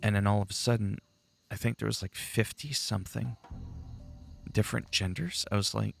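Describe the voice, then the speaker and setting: A man's voice: on the low side, fairly even intonation, normal speed, vocal fry, fairly bright tone, no room sound, soft background music. A man giving casual, rambling commentary while playing a game, chatty and swearing freely. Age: adult, long-time player. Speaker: gaming channel host.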